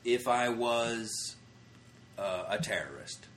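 An American man, a comedian, telling travel stories in a casual interview, animated and profane, acting out the people he quotes. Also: medium pitch, slow pace, reverberant, a little hiss or hum. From United States. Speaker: comedian guest. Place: comedy club after a show.

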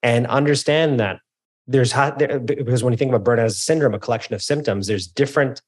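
A man's voice: mid-range voice, fast talker, husky. A man who gives keynote talks, a guest on a podcast, explaining his ideas energetically and now and then correcting himself. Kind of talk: interview conversation.

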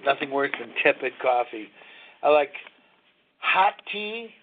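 A man's voice: medium pitch, lively intonation, slow pace, a little hiss or hum. A man in his sixties hosting a recovery talk show, rambling and confessional, chuckling as he goes. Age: 60s. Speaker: radio show host. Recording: tinny phone-line sound.

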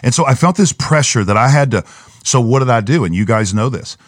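A man's voice: medium pitch, expressive, brisk, dry recording, clean studio sound. A man, a pastor, telling an earnest personal story in a podcast conversation and acting out the voices in his head.

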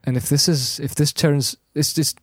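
Slightly high-voiced man, dry close sound. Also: fairly even intonation, dry recording. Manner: halting, restarts often while practicing an accent. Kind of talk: casual chat.

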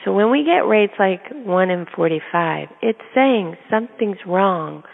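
On a tinny, phone-like recording with long reverb, a middle-aged woman speaks in a gravelly mid-range voice with lively intonation, unhurried. An autism advocate and parent, she tells personal stories casually and earnestly, often breaking into laughter mid-sentence.

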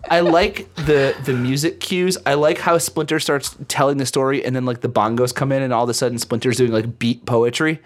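A man's voice: medium pitch, steady tone, a little fast, few pauses. A man hosting a podcast, chatting casually about a film in a rambling, self-deprecating way full of fillers, a little tipsy. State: has been drinking. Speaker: podcast host.

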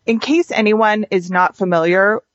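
A woman's voice: medium pitch, steady tone, normal speed, dry recording, muffled recording. A young adult woman hosting a podcast, talking candidly in a chatty way with lots of fillers. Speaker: podcast host. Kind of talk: casual podcast monologue.

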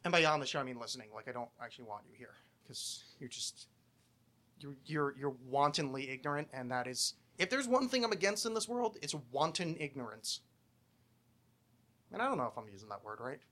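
A man's voice: medium pitch, big pitch swings, fairly quick, pushed and bright. A man hosting a casual podcast, ranting with lots of swearing and breaking off his own sentences. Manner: profane ranting, swearing a lot, self-interrupting. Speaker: podcast host.

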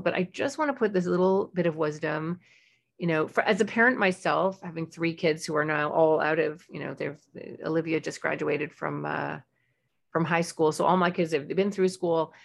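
A woman in her forties talks through parenting advice on her podcast. Her speaking voice sits a little low and is easy and conversational. When she acts out what a parent might say, her voice jumps up and brightens. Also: moderate pace, creaky. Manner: warm, chatty advice with animated, high-pitched acted-out examples.

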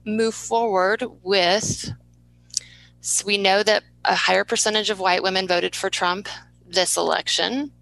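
A woman's voice: medium pitch, steady tone, a little slow, creaky, a bit bright, no echo, poor audio. A woman hosting a podcast, talking in a heartfelt, rambling way with many restarts. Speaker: podcast host. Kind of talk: interview conversation.

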